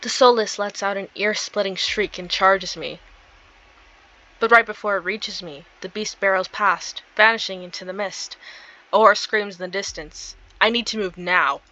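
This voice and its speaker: Bright-voiced woman reading a game aloud. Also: medium pitch, steady tone, moderate pace, muffled recording. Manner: reads the story dramatically, breaks off into giggly asides. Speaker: game streamer. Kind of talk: reading a visual novel aloud with commentary.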